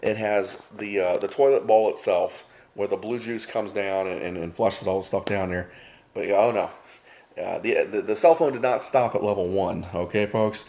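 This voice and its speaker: A man's voice: fairly low pitch, fairly even intonation, normal speed, gravelly, a little mellow. A middle-aged man, a former flight attendant, telling stories casually with lots of fillers and calling viewers folks. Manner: rambling, many fillers, addresses viewers as folks. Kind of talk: casual storytelling to camera.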